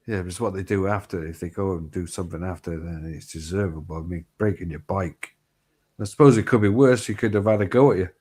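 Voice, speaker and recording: A man's voice: deep voice, quick pace, darkish tone, breathy edge. A middle-aged man, telling rambling stories in casual chat, swearing freely and restarting his sentences.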